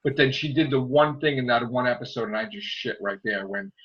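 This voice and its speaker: A man chatting on a casual fan podcast, animated, exclaiming and laughing often. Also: mid-range voice, brisk. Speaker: podcast co-host. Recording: dull lo-fi sound.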